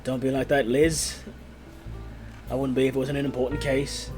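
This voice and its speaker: A man's voice: medium pitch, little pitch movement, normal speed, lightly acted. A man doing a persistent male investigator. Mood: earnest. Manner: earnest, persistent. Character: determined male investigator on a case. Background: guitar music.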